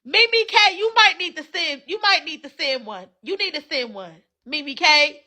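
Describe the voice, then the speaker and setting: Woman livestream host, very high, sharp-toned, brash and cussing, phone mic. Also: lively intonation, moderate pace. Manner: brash, hypes viewers for gifts, frequent cussing. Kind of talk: casual livestream chat.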